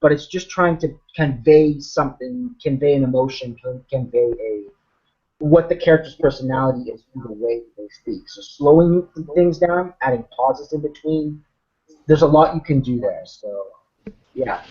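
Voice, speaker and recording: A man's voice: medium pitch, moderate pace, a little mellow. A man, a game master, explaining tips in casual chat on a video call, talking things through with frequent ums and restarts. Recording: muffled video call audio.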